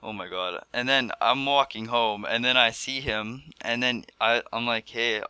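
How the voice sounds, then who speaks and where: A teenage vlogger does storytime commentary in casual chat, rambling and packing in fillers, especially lots of "like"s. His medium-pitched voice has a sharp, clean tone at a moderate pace, with no room sound.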